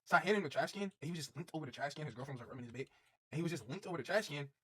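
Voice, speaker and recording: A man's voice: fairly high pitch, animated, racing, husky. A young man streaming, telling a rambling, profane story in a casual way and repeating himself as he goes.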